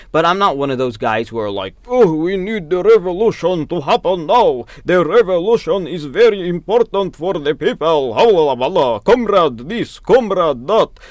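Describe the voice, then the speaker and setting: A young adult man hosting a college radio show, giving his opinions in a halting way, with many repeated words and tangents. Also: medium pitch, fairly bright tone, clean tone, no echo. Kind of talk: solo opinion talk on radio.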